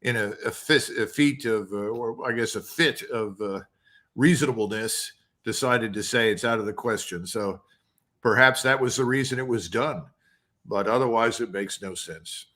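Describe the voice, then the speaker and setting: A retired colonel speaks as a guest in an interview with a bright, forceful voice. He gives his analysis bluntly and with emphasis, sounding sure of his views. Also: mid-range voice, normal speed. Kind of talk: interview commentary.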